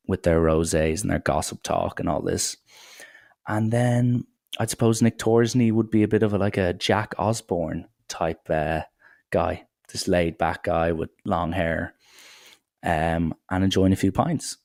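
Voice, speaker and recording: A man's voice: low voice, a little slow, gravelly, a little mellow, dry recording, studio quality. A young man hosting a solo podcast, rambling through irreverent banter with plenty of swearing. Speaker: podcast host.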